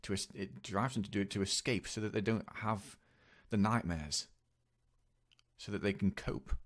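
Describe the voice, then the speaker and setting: Halting man, fairly low voice. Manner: halting, repetitive, earnest. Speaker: vlogger. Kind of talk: personal confessional monologue.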